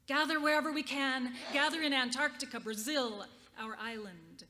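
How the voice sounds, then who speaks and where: A woman's voice: high-pitched, normal speed, bright, forceful tone, slight background noise. A woman voicing a fervent female bee leader who proclaims and rallies her swarm. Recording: reverberant chapel hall.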